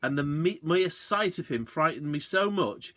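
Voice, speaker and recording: Teacher reading a chapter book aloud to pupils, a man with a lively, expressive voice and dry sound. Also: a little high, measured pace, no room sound. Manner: expressive, switches between character voices. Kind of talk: storybook read-aloud.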